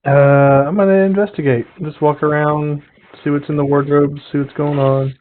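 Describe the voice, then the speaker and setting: A man's voice: on the high side, level tone, normal speed. A man playing a tabletop game, stating his character's actions in brief, plain sentences. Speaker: player. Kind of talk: casual tabletop play. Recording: tinny online call audio.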